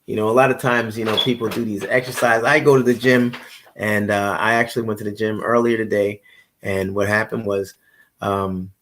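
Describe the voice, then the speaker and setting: A man's voice: lowish voice, fairly even intonation, moderate pace, a bit bright, a little hiss or hum. A middle-aged man hosting a live stream, chatting casually in a rambling way, repeating himself and greeting viewers by name. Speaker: livestream host.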